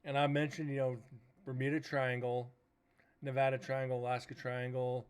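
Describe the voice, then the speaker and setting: A man's voice: mid-range voice, level tone, moderate pace, smooth. A man hosting a paranormal livestream, casually telling a rambling story, swearing now and then and retelling conversations as quoted dialogue. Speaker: paranormal show host.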